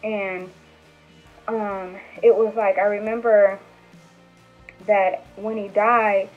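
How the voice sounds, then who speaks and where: A young woman telling a personal story to her camera, chatty and animated, full of fillers and acted-out quotes. Her voice sits in a middle range and comes through a thin, phone-like channel. Faint music plays behind her. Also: mid-range voice, slow. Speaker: vlogger. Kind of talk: casual storytelling.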